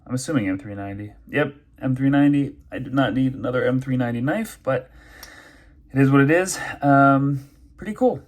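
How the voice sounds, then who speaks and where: A knife and pen reviewer does a casual unboxing in a brisk, mid-range voice. He's chatty and thinks aloud, using lots of fillers.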